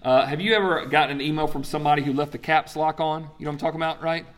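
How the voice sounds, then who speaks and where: A man's voice: fairly high pitch, fairly even intonation, very fast, a little hiss or hum. Conversational man preaching a sermon. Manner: conversational, asks the congregation questions and answers them. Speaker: pastor.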